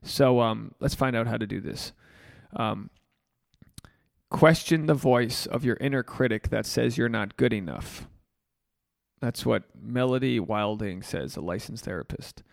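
A man's voice: medium pitch, creaky, no echo, studio quality. A man hosting a solo podcast, rambling and joking with plenty of swearing. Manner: profane, rambling, jokey. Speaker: podcast host.

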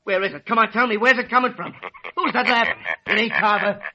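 Gruff hot-tempered village thug, bright edgy voice, old radio sound. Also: male voice, high-pitched, quick pace, heavily acted. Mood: scared. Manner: gruff, rural slang. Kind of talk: 1930s radio drama acting. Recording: dull old radio recording.

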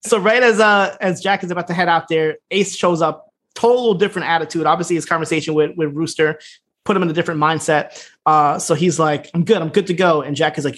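A man co-hosts a casual podcast and rattles through an episode recap at a quick clip. He laughs a lot and puts on the characters' lines as he goes. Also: fairly high pitch, a bit bright. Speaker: podcast co-host.

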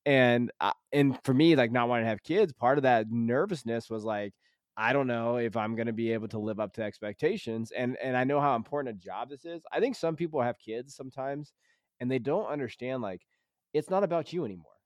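A man's voice: mid-range voice, fairly quick, dry recording, clean studio sound. A man co-hosting a parenting podcast in casual chat, rambling with many restarts and fillers, earnest and emphatic. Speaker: podcast co-host; high school psychology teacher.

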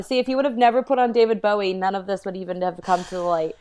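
A woman guest in casual podcast chat, reacting with exclamations and loud laughter. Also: medium pitch, steady tone, fast talker. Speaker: guest, makeup artist.

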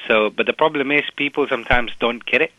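A man speaking as a guest on a web radio talk show, relaxed and thoughtful as he explains at length. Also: mid-range voice, fast, no echo, dull audio. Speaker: guest expert. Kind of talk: casual interview chat.

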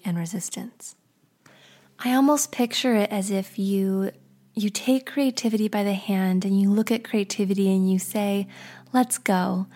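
A woman hosting a podcast, narrating a guided story in a soft, often half-whispered way. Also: mid-range voice. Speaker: podcast host.

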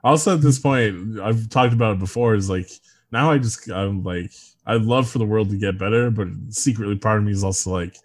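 Co-hosting a laid-back podcast, this man in his 30s cracks dark, sardonic jokes and laughs a lot. He speaks briskly in a fairly low voice.

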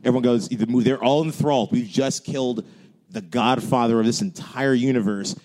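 Animated man telling movie stories. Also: mid-range voice, brisk. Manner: animated storyteller, acts out quotes in voices. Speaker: podcast co-host. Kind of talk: casual movie chat.

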